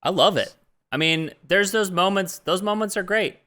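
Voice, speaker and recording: A male podcast co-host speaks with a bright, clear tone, earnest and rambling as he works through his thoughts in a relaxed chat. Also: sits high, moderate pace. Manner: earnest, rambling, self-interrupting. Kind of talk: casual chat.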